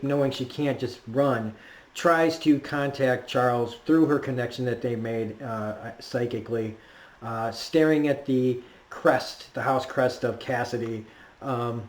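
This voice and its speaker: A man's voice: mid-range voice, darkish tone. Rambling, laughing man recapping a cartoon. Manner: rambling, laughing, filler-heavy. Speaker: cartoon reviewer. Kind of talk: casual episode recap. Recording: roomy echo.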